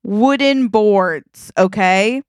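A woman's voice: medium pitch, drawn-out words, smooth, no room sound, clean studio sound. A woman co-hosting a podcast, telling an improvised comedic story with lots of gasps and playful energy. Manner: animated, gasping, storytelling. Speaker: podcast co-host. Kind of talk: casual comedic improv chat.

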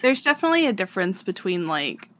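A woman chatting casually with a co-host, her voice at an ordinary middle pitch. She talks in a relaxed, loose way, with plenty of fillers. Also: quick pace, slight background noise. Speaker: podcast co-host. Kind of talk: casual chat about manga.

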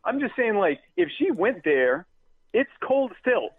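A man's voice: high-pitched, big pitch swings, unhurried, breathy edge, dry recording. A man from the American South co-hosting a live show, talking in a rambling, joking way with lots of fillers and restarts. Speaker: podcast co-host. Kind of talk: casual live show banter. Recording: tinny phone-like line.

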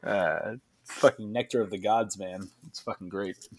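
A man's voice: on the low side, steady tone, normal speed, darkish tone. A man hosting a podcast who works as a bartender. He chats loosely, laughs often and swears freely. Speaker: podcast host. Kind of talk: casual chat.

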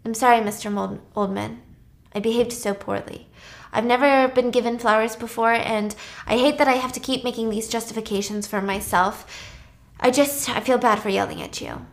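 A woman voicing a shy, reclusive young woman who speaks softly, hesitant and apologetic. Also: fairly high pitch, fairly even intonation, moderate pace, gravelly.

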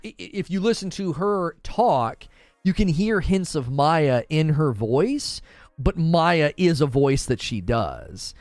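Lively-pitched man chatting about games. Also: slow, dry recording. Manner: rambling, conversational, answers chat questions. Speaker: gaming news host. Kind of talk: casual chat.

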